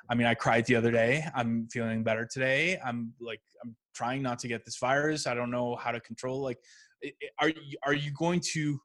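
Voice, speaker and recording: A man's voice: mid-range voice, a bit bright. A man talking as a podcast guest, candid and thinking aloud with frequent restarts. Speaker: guest, app founder. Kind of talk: casual conversation.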